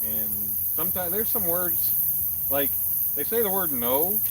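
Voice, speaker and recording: A relaxed, joking man with a slightly higher voice hosts a fishing stream outdoors at night. He sits a little off the mic, with insects faint in the background. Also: measured pace, far from the mic, background noise. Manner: relaxed, joking, reads out chat comments. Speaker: fishing livestream host. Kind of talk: casual chat reading out viewer comments.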